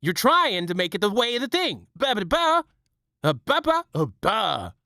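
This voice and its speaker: A man's voice: sits high, big pitch swings, normal speed, sharp tone, no room sound, clean studio sound, voice pushed up, exaggerated voice. A man doing an impression of a male comedian who rambles and trails off into nonsense syllables. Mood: manic.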